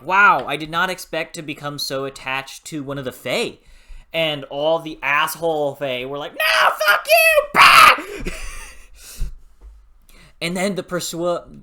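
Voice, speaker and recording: A book reviewer with a mid-range, sharp-toned voice gives a casual video review. They swear freely, laugh often and lose their train of thought.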